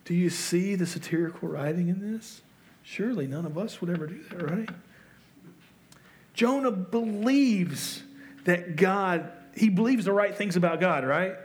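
A man's voice: sits high, normal speed. Conversational male pastor preaching. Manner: conversational, self-deprecating, asks the audience rhetorical questions. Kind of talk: sermon.

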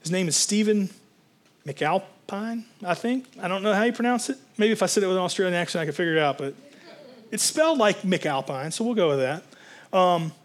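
A man's voice: high voice, fairly quick. A man preaching a sermon as a pastor, in a conversational, rambling way with fillers and restarts.

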